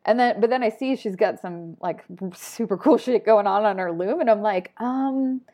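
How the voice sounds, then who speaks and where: A woman talks on a podcast, spinning lively anecdotes about her craft. She laughs easily and swears in a relaxed, casual way. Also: medium pitch, normal speed. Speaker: podcast guest, textile artist. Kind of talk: casual storytelling chat.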